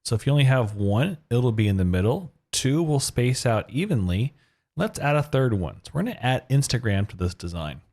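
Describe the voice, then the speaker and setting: A man hosts a screen-recorded coding lesson and narrates each step as he types it. His delivery is upbeat, and his pitch moves up and down a lot. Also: big pitch swings, normal speed, darkish tone. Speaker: web design tutorial host.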